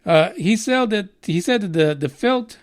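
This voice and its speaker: High-voiced, foul-mouthed ranting man. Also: animated, measured pace. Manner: profane, sarcastic, blunt. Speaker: podcast host. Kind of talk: ranting news commentary.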